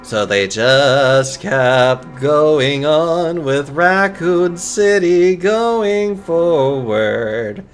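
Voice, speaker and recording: A game streamer chatting casually while playing, swearing freely and laughing often. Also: mid-range voice. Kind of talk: casual live-stream chat.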